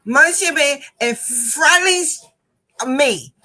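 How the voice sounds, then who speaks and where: A woman voicing a frustrated teenage girl student who speaks unclearly and repeats herself loudly when she isn't understood. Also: sits high, drawn-out words, pitched above the performer's own voice, full character voice. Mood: insistent. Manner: insistent, loud when not understood.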